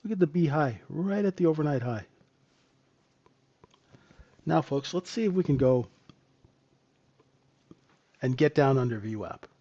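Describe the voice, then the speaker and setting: A man's voice: a little high, animated, unhurried, pauses often, mellow, muffled recording. A man running a live trading room, explaining charts in a casual teaching manner and answering viewers' questions as he goes. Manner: conversational, answers viewers' questions, rhetorical "right?". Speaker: trading instructor.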